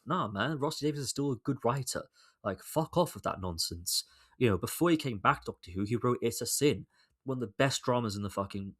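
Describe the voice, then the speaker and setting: A young man hosting his own podcast, rambling through exasperated solo commentary and swearing freely. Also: medium pitch. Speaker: podcast host.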